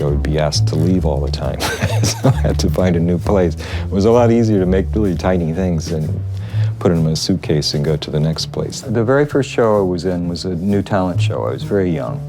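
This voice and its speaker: Older man, sixties, artist interviewee; deep voice, rambling storyteller. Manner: rambling, self-correcting storyteller who acts out the people he quotes.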